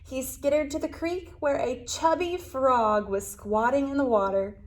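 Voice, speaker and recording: A librarian reading a picture book aloud to children, animated, gasping and asking them questions. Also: female voice, high voice, measured pace.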